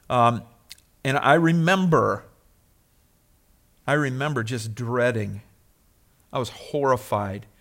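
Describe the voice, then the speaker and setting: Male pastor, mid pitch, conversational sermon that swells emphatic and drops soft. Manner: conversational, rising to emphatic then dropping soft.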